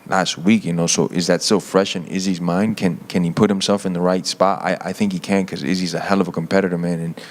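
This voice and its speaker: A man's voice: deep voice, little pitch movement, brisk, few pauses. A man, a fighter, answering interview questions hesitantly with lots of fillers. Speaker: MMA fighter.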